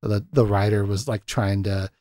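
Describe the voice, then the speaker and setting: A man's voice: lowish voice, fairly even intonation, normal speed, dark tone, no room sound, studio quality. A man hosting a podcast in casual film chat, laughing often and acting out scenes as he retells them. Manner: chatty, laughs often, acts out quotes from scenes. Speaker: podcast host.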